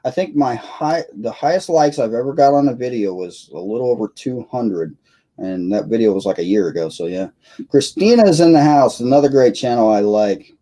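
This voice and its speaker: A man's voice: medium pitch, lively intonation, moderate pace, warm tone, poor audio. A tired man hosting a live stream, chatting in a rambling, self-deprecating way with lots of fillers. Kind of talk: casual live stream chat.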